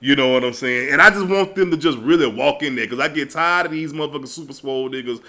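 A man telling stories in a casual comedic monologue, animated and profane, often breaking into laughs. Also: medium pitch, fast talker. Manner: animated, profane, loud storytelling with frequent laughs.

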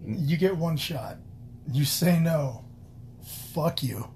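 A man's voice: a little high, animated, slow pace, darkish tone, slight background noise. A man co-hosting a podcast in casual chat, blunt and profane with dry wisecracks. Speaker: podcast co-host.

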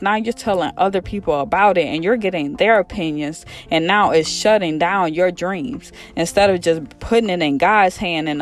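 A preacher giving a devotional sermon in a casual, fervent style, repeating phrases for emphasis. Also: mid-range voice. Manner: fervent, repetitive exhortation.

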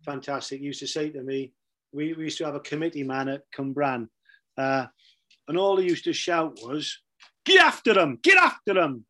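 A man's voice: fairly high pitch, moderate pace. A middle-aged man, telling blunt football stories as a podcast guest and repeating his phrases. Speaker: guest, former football manager. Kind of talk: casual podcast chat, storytelling.

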